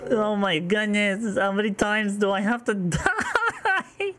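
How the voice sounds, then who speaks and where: A woman's voice: medium pitch, animated, takes it slowly, fairly bright tone, a little hiss or hum. A woman gaming content creator commentating a horror game, panicky, shrieking and playful with made-up words.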